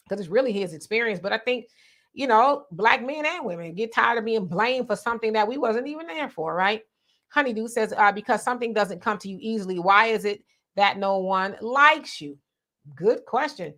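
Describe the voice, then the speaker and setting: A woman's voice: mid-range voice, pushed and bright. A woman hosting a livestream, reading viewer comments aloud and greeting chatters by name in a conversational way. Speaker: livestream host. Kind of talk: live chat discussion, reading viewer comments.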